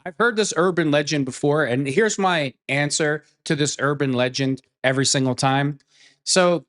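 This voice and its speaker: A man's voice: medium pitch, a bit bright. A man giving a heated opinion rant as an online commentator, blunt and profane, repeating phrases for emphasis.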